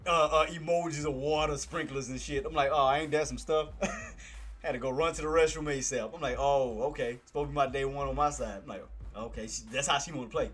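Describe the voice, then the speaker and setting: A young man talks on his live stream in a bright, tense voice pitched a bit high. He swings from loud, excited cheering to soft, emotional thanks. Faint music plays behind him. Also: fairly quick. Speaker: live streamer talking stocks. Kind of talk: casual live stream chat.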